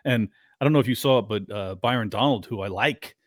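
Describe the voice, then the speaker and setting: A man's voice: on the low side, a little fast, dry recording, studio quality. A man appearing as a podcast guest in a casual political chat, ranting in disbelief and laughing often.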